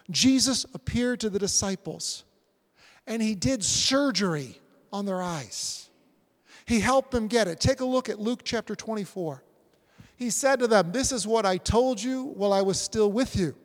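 High-voiced pastor preaching in a hall. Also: male voice. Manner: animated, acts out scripture scenes. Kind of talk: sermon.

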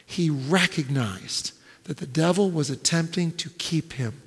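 A male pastor preaching a sermon, swinging between loud, emphatic build-ups and hushed, almost whispered lines. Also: fairly high pitch, measured pace, husky. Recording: long reverb of a large hall.

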